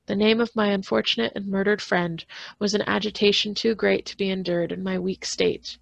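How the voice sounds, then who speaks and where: A woman librarian reading a classic novel aloud in a steady, measured way, with the odd small slip. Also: medium pitch, gravelly, no echo.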